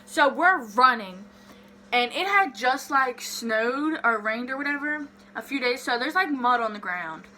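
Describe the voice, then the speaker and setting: Bright-voiced young woman telling a story. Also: high voice, moderate pace, hardly any pauses, a little hiss or hum. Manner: animated, swears freely, heavy filler "like". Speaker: vlogger. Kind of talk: casual storytime.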